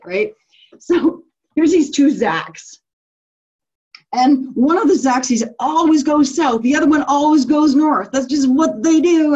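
Husky, enthusiastic woman coaching a group. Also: on the high side, darkish tone, muffled recording. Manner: enthusiastic, affirming, laughs often. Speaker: business coach leading a group call. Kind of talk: coaching call talk.

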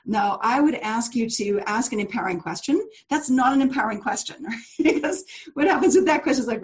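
A woman's voice: medium pitch, expressive, fast talker. A woman leads a live online class over a video call, chatty and encouraging. She laughs easily, leans on fillers and restarts, and keeps talking straight to her students. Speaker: course leader.

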